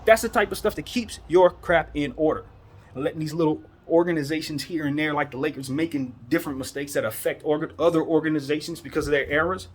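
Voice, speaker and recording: A man's voice: on the high side, quick pace, slight background noise. A man hosting a basketball commentary show, giving a fired-up, preachy opinion monologue full of rhetorical questions.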